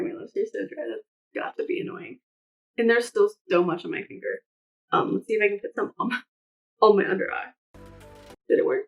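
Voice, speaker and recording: Chatty young woman doing makeup. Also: mid-range voice. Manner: rambling, chatty storytelling with fillers. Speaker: beauty vlogger. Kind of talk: casual makeup tutorial chat. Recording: slightly dull lo-fi sound.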